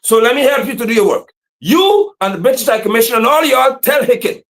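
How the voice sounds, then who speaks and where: Man, fiery preaching delivery, repeated slogans, swooping lively pitch. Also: a little fast, hardly any pauses. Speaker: activist commentator. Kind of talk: impassioned livestream commentary.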